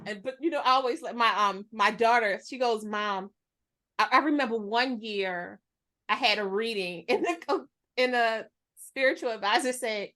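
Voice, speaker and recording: Woman in her forties, lively storyteller, slightly high voice, casual podcast guest. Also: normal speed. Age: 40s. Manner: animated storyteller, acts out voices. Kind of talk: casual conversation.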